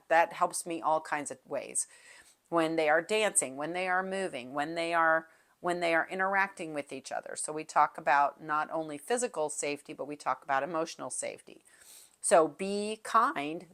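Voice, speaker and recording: A middle-aged woman with a low, deep voice shares classroom management tips as a music teacher. She talks in a chatty, friendly way and breaks into sung rhythms and calls to show how they work.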